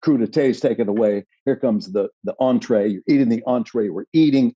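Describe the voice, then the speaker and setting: A man guest on a podcast telling animated, rambling stories in casual chat. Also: medium pitch, moderate pace, hardly any pauses, slightly rough, dry recording.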